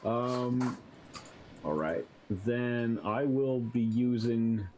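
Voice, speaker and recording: A man's voice: mid-range voice, drawn-out words, noisy background. A man playing in a casual tabletop game, checking his options hesitantly with fillers. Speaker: player.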